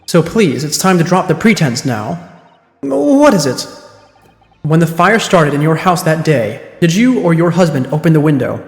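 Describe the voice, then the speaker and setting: A man's voice: fairly high pitch, sing-song, normal speed, soft background music. A man voicing an earnest young lawyer from a courtroom game, firm and probing as he presses his case. It is close to his own voice, and it sits in an echoey room with a long reverb. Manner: firm, probing cross-examination.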